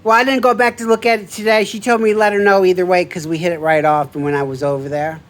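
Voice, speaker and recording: A chatty, excitable man with a fairly high voice recounts a story in a casual vlog. He talks with animated bursts of enthusiasm and laughs easily. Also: fast. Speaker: vlogger.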